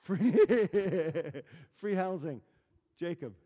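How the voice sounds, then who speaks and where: The pastor here has a high, dark, slightly rough voice, animated yet delivered very slowly. Recorded in a reverberant church hall, he preaches a chatty sermon built on stories and questions to the congregation.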